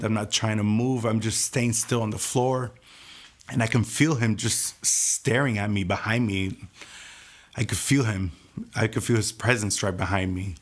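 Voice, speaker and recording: A man telling his personal testimony in an earnest, soft-spoken way. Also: fairly low pitch. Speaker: testimony speaker.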